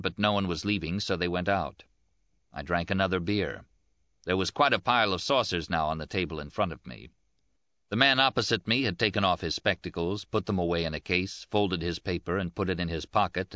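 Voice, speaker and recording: A man reading a first-person novel in a plain, measured audiobook narration. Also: low voice, pushed and bright, no room sound, dull audio.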